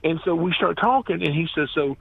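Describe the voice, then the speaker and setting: A man who runs a reptile rescue, telling animated stories as a radio interview guest and acting out the quotes. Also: a little high, a little fast, gravelly, husky, no room sound, narrow, tinny audio. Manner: animated storyteller, acts out quotes.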